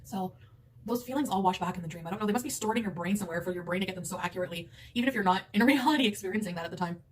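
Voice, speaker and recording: Talking at a racing speed in a medium-pitched voice, a mukbang eater chats away over a large home meal. Her talk is loose and rambling, full of frequent laughter. Background noise comes through a far-off microphone.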